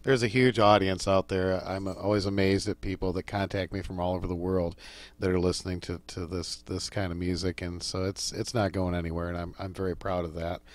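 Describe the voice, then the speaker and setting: A man's voice: low-pitched, little pitch movement, brisk. A man hosting a radio interview, easygoing, answering with brief affirmations.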